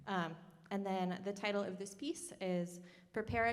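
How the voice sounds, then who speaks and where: A woman's voice: mid-range voice, steady tone. A woman author at a live reading, speaking casually to the audience and reading her short story aloud. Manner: casual remarks, then measured reading. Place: event room. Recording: reverberant hall.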